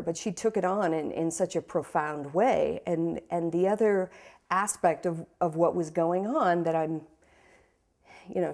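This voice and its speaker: A young woman recounting a personal ordeal, halting and repeating words, emotional but steady, with rueful laughs. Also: lowish voice. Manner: halting, repeats words while searching for them. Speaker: interviewee. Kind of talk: personal storytelling.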